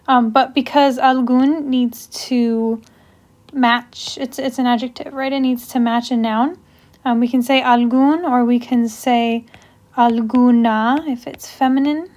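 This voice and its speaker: A young language teacher gives a casual classroom grammar lesson, walking through it step by step with example sentences and plenty of ums. Her voice is on the high side and a little mellow, with fairly even intonation and a slightly slow delivery.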